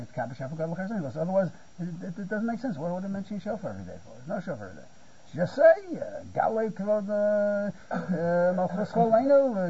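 Halting older man giving a Torah lecture. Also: on the high side, warm tone, a little hiss or hum. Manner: halting, repeats words, often asks "you see?". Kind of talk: spontaneous Talmudic lecture. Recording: muffled lo-fi recording.

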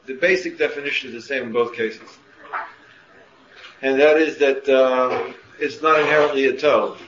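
A man lectures a class in a middle-pitched voice, tossing out rhetorical questions and restarting his sentences as he works through an idea. The recording is muffled and roomy, with a faint hum of ambience behind him. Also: fairly even intonation, normal speed. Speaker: Torah teacher.

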